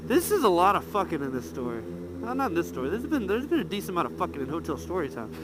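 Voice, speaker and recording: A man's voice: on the high side, quick pace, very noisy. A man telling a profane hotel story in a casual vlog, recorded on a helmet mic while out on his motorcycle. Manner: animated, profane, laughing storyteller. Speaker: motovlogger. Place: outdoors riding a motorcycle.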